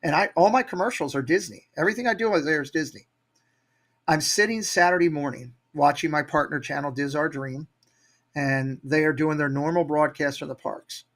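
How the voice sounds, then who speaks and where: A man's voice: on the high side, a little fast, a bit bright. A man with an upbeat, motivational manner, telling stories as a guest in a casual interview. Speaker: guest, Disney YouTube creator.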